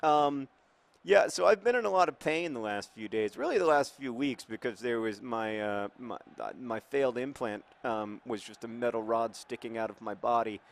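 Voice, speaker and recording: A man's voice: mid-range voice, moderate pace, vocal fry. A man hosting a football management game in casual, rambling, wry commentary, his mouth numb after oral surgery.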